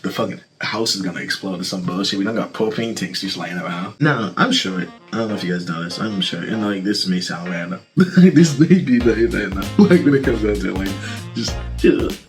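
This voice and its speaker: A man's voice: deep voice, a little fast. A man vlogger telling a casual storytime full of swearing, laughter and fillers. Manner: rambling, profane, laughing, filler-heavy. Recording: background music behind voice.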